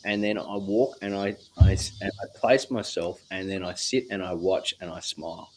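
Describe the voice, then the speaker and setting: A man talks at an unhurried, drawn-out pace in a low register. He is a guest reflecting on spiritual ideas, musing aloud and dropping the occasional swear word. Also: fairly even intonation, a little mellow, slight background noise. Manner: slow, musing, drawn-out phrasing with casual swearing.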